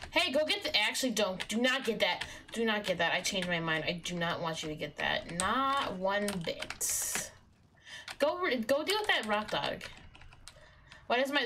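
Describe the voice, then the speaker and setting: A young woman streaming a video game, exasperated with her in-game companion, jumping between shrieks and low mutters. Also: fairly bright tone, slight background noise. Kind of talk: live game commentary.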